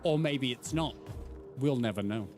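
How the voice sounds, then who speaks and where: A man's voice: medium pitch, normal speed, a little mellow, soft background music. A man in his thirties doing live gameplay commentary, bantering playfully and teasing his chat. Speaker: streamer.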